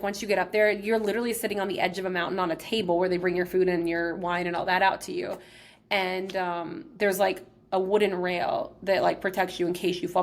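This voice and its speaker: A young woman from Texas hosting a podcast, chatting casually as she tells a personal story, filling her sentences with "like". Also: mid-range voice. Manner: chatty, heavy use of "like". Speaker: podcast host.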